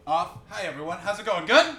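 A Canadian man doing loud, swearing stand-up crowd work as the host of a live podcast show. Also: high-pitched, sing-song, a little fast, faint music behind. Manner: loud, swearing, riffing with the audience. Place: small live comedy venue. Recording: roomy live room, distant mic, audience. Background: audience laughter.

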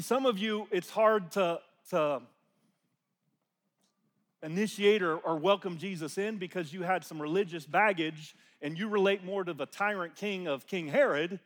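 High-voiced preacher in a reverberant hall. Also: male voice. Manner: emphatic, swings from loud proclaiming to hushed near-whispers; repeats phrases and leads call-and-response with the congregation. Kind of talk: sermon.

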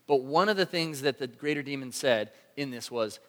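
A man preaching a sermon to a congregation, telling a story with animated energy and acting out his own shouts. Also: mid-range voice, normal speed, hardly any pauses. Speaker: pastor. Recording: long hall reverb.

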